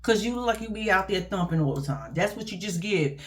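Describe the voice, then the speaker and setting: Woman, reaction vlog, profane, blunt, animated. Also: mid-range voice, a little fast. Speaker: reality TV commentator.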